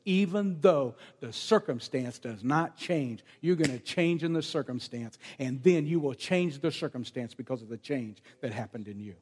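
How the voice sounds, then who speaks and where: A man's voice: medium pitch, a little mellow, husky, big-room sound. A man preaching a sermon to a congregation, praying and ministering with an emphatic, repetitive cadence. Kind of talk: sermon with prayer and prophetic ministry. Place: meeting room with a gathered congregation.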